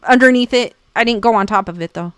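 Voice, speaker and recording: A woman's voice: on the high side, quick pace, a bit bright, smooth, no room sound. A young woman hosting a casual livestream, reading viewer comments aloud and giggling often.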